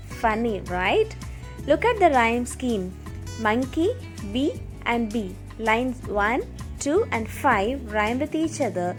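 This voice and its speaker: A woman teaching a poetry lesson to children in a clear, patient way. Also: on the high side, animated, measured pace, soft background music. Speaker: English teacher. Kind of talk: scripted video lesson.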